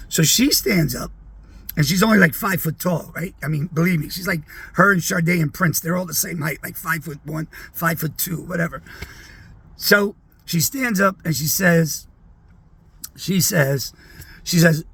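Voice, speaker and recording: A middle-aged man tells an old story in a lively, casual way and slips into the voices of the people in it. His voice sits high for a man, with a gravelly, husky edge. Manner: animated, acts out quoted voices. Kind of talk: casual anecdote.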